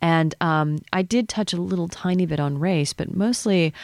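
Low-voiced woman poet on radio. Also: no echo. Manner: warm and effusive in talk, slow and measured when reading. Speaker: visiting poet, guest. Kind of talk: casual radio interview, then poetry reading. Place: radio studio.

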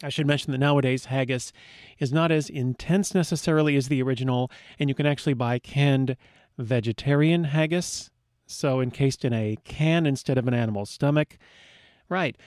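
A man's voice: medium pitch, normal speed, a little mellow, dry recording, clean studio sound. A man hosting a radio show, with a playful, wry delivery. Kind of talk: scripted radio talk.

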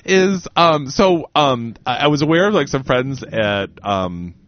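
A man's voice: medium pitch, lively intonation, a little slow, no room sound. Male co-host, casual chat, rambling and campy, dull dry lo-fi sound. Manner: rambling, fills with "like" and "or whatever"; jokey, playfully camp.

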